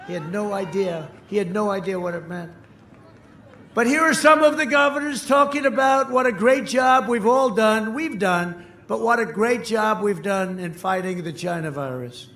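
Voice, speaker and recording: Older man, rally speaker, high-pitched voice, boastful and repetitive, booming echo over faint crowd noise. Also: moderate pace. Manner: repetitive, boastful, swings from shouting to mutters. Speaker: political candidate at a rally. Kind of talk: rally speech. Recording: echoey open-air PA sound, faint crowd noise.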